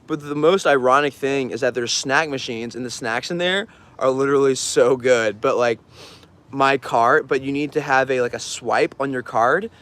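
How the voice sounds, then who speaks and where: A man's voice: mid-range voice, moderate pace, fairly bright tone. A man telling stories casually on a livestream, rambling with lots of fillers and frequent laughs. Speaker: artist streaming an auction.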